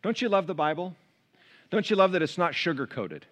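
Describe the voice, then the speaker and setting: A man preaching a sermon to his church, shifting from quiet, close asides to loud, raised passages. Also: sits high, very animated, a little fast. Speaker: pastor. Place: church sanctuary.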